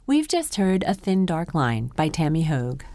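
A woman's voice: low-pitched, big pitch swings, measured pace, very noisy. A woman host of a radio book show, wrapping up with an upbeat promotional sign-off.

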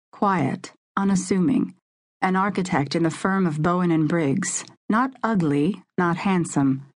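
A woman narrates a crime novel in steady, measured tones. Her voice sits on the low side, carrying the tension of the scene without hurry. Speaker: audiobook narrator. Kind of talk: scripted dramatic narration.

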